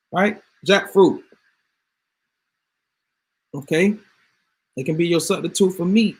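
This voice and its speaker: A man's voice: sits high, vocal fry, husky. A man ranting casually to his viewers, emphatic and swearing freely. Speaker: vlogger. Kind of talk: casual rant to camera.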